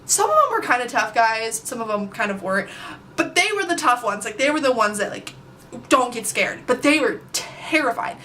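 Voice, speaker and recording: A young adult woman telling a story on her vlog, chatty and animated, with plenty of filler words. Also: on the high side, normal speed, a little hiss or hum. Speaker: vlogger. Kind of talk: casual storytime.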